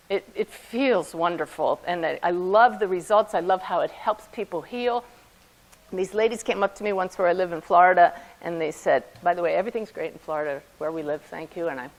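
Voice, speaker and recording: A woman, a medium, telling lively personal stories to a conference audience, often laughing as she speaks. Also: fairly low pitch, rough recording. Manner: animated anecdotes with frequent laughter. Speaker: medium giving a talk. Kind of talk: storytelling talk to an audience.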